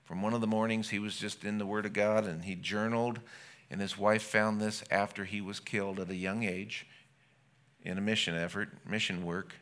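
A man's voice: fairly low pitch, steady tone, moderate pace, a bit bright. A man, a pastor, preaching an earnest sermon that builds to impassioned exclamations.

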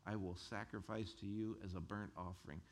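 A man's voice: on the low side, steady tone, brisk. A man voicing an ancient warrior who speaks bluntly and earnestly as he makes a solemn vow.

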